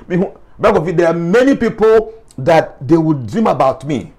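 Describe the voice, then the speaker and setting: A man with a Ghanaian accent, speaking as a life coach in an animated interview and mixing English with Twi phrases. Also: high voice, brisk, hardly any pauses.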